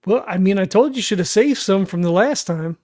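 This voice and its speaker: High-voiced wisecracking man player. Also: lively intonation, fairly quick, darkish tone, dry recording, clean studio sound. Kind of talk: tabletop role-play, casual.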